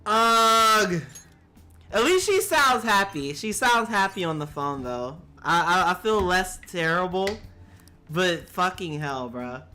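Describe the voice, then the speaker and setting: Young man streaming games, swearing, bright voice. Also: big pitch swings, slow, smooth, faint music behind. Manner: swears a lot, pitch jumps up sharply when flustered. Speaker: game streamer. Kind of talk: casual live gameplay commentary.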